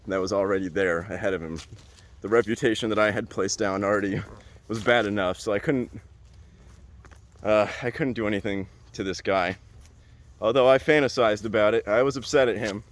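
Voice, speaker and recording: A young adult man hosting a podcast, telling a story in a casual, animated way and repeating phrases for emphasis. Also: fairly low pitch, a little fast. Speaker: podcast host.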